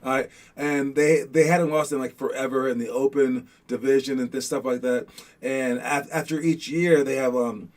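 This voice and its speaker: A man's voice: mid-range voice, fairly even intonation, moderate pace. A young man hosting a basketball show in a casual motivational talk, rambling with many restarts and frequent "all right?" check-ins. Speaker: host of a youth basketball show.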